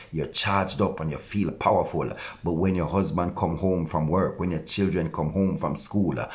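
Man, very deep voice, pastor, earnest devotional sermon, dull lo-fi sound. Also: darkish tone. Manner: earnest preaching, acting out objections and quotes.

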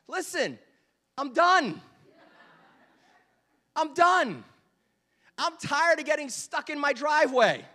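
A man in his thirties preaching a sermon, joking with the congregation and swinging between loud bursts and quiet asides. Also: extremely high pitch. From Delaware, US. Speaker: pastor.

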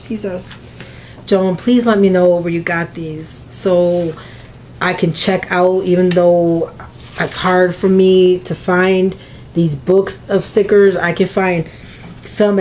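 A woman's voice: on the low side, darkish tone, a little hiss or hum. A woman, opening mail on a crafting vlog, gushing and emotional, close to tears. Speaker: crafting vlogger.

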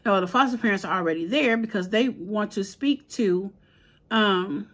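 A woman recapping a crime drama episode in a chatty, animated way, slipping into the characters' quotes with casual slang. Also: medium pitch, moderate pace. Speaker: TV episode reviewer.

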